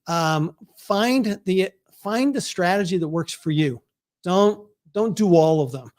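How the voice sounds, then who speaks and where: High-voiced man hosting a launch. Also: lively intonation, takes it slowly, a little mellow. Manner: earnest, responds to viewer comments. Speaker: author hosting his book launch. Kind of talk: live online launch talk. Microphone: video call setup.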